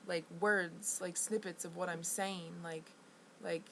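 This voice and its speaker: A woman telling a rambling personal story to camera. She talks in a halting, restless way, full of restarts and fillers, and sounds indignant. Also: fairly low pitch, fairly even intonation, fairly bright tone, a little hiss or hum, poor audio. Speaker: vlogger.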